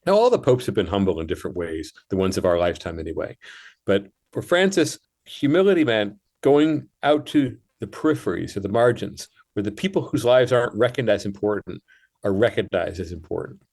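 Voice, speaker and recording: A man, a writer, speaking as a guest in a radio interview, explaining in a measured and thoughtful way. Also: lowish voice, sing-song, a little mellow.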